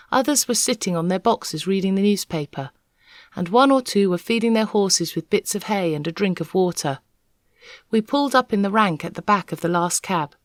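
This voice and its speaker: A woman reading a children's novel aloud, an expressive, measured storyteller. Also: mid-range voice, no room sound, studio quality. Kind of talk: expressive read-aloud narration.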